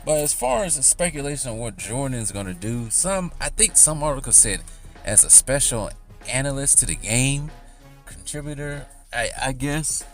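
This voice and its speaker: A man's voice: medium pitch, animated, normal speed, faint music behind. A man rambling casually in a commentary vlog, chatty and often laughing. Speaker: YouTuber.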